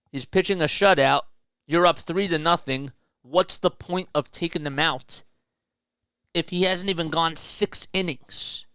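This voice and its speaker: A man's voice: a little high, a bit bright, clean tone, no room sound, studio quality. A man hosting a solo sports show, ranting with frustration and emphasis about his team's losses and speaking directly to the manager. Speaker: sports commentary host. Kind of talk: solo fan rant about baseball.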